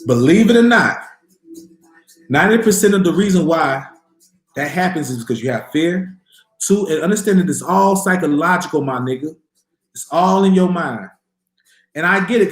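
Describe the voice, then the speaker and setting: A man hosting a livestream, telling stories and answering viewer questions in a casual, profane, animated way. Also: high voice, reverberant. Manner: profane, animated storytelling with voiced quotes.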